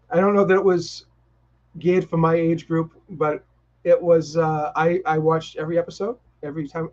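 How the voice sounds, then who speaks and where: A man with a Boston accent co-hosting a casual live stream, talking eagerly and restarting his sentences often. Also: on the high side. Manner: enthusiastic, rambling with restarts. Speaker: co-host. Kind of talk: casual chat. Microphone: video call. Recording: dull lo-fi stream audio.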